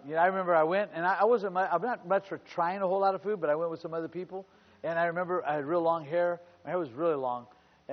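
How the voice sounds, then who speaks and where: Fervent older male pastor, high voice. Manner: fervent, storytelling, rising to loud exclamations. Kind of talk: sermon with personal stories. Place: church sanctuary. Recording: muffled church recording with long reverb.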